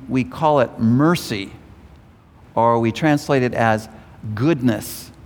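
A male preacher works through a passage of scripture in a teaching sermon, animated and prone to pausing and repeating words as he gathers his thoughts. His voice carries a long reverb, as if filling a large church hall. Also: mid-range voice. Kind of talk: expository sermon on Hosea.

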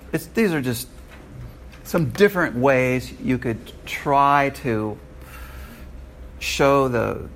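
Guy teaching a bible class, animated, cracks jokes, plain mid voice. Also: a little hiss or hum. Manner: animated and joking, rises high when quoting people.

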